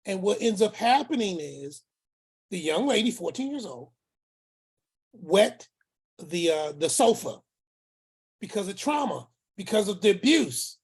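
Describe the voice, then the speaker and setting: A man's voice: high voice, sing-song, unhurried, pauses often, breathy edge. A man telling a family story as the uncle in it, acting out each person's words and repeating phrases for emphasis. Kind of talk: storytelling talk.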